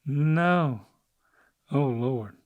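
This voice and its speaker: A man's voice: mid-range voice, drawn-out words, dry recording, narrow, tinny audio. An older man, co-hosting a casual chat and stumbling hesitantly over unfamiliar words. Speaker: podcast co-host, the father.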